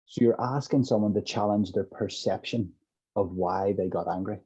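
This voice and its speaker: A low, husky, warm voice belongs to a middle-aged man appearing as a guest; he practices compassionate inquiry and speaks at normal speed. In this explanatory interview he reflects on handling a person's anger, stepping through examples using imagined dialogue, all captured in dull lo-fi sound.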